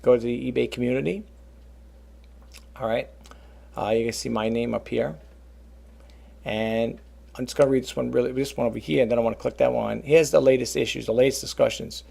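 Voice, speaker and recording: A man talking casually to his viewers about reselling, rambling and animated, often calling them folks. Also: medium pitch, a little fast, creaky, long pauses. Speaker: reseller vlogger. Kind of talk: casual talk to camera.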